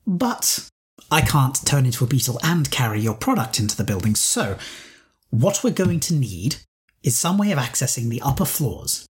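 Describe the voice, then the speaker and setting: A shapeshifting beetle-person with a schemer's confidence, as a man puts him on at the game table. He coaxes and plots in easy, persuasive sales patter. His pitch sits in an ordinary middle range. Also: sing-song, moderate pace, husky. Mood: scheming.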